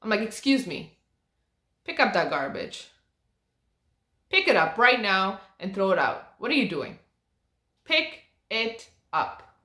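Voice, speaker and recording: Animated young woman telling stories, roomy sound. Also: medium pitch, slow pace, long pauses. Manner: animated, swearing, acts out quotes. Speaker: podcast host. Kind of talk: casual storytelling monologue. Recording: echoey room.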